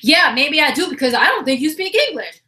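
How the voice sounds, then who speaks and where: A woman's voice: high voice, very animated, fairly quick, pushed and bright, echoey room, pitched above the performer's own voice, exaggerated voice. A woman putting on a rude older lady customer. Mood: whiny. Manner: demanding, repetitive whining.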